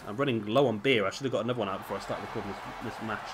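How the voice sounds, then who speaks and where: A man with a lowish voice races through his words over a noisy background. As a gameplay commentator, he offers casual, rambling let's-play commentary on a wrestling video game, chatty and quick to make self-deprecating remarks, all while drinking beer at home.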